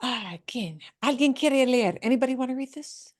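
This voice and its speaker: A woman's voice: high-pitched, animated, normal speed, a little mellow, no echo. A woman leads a Spanish lesson and explains pronunciation patiently, moving back and forth between Spanish and English. Her voice is close and dry, with no room sound. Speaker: Spanish teacher. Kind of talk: online language class.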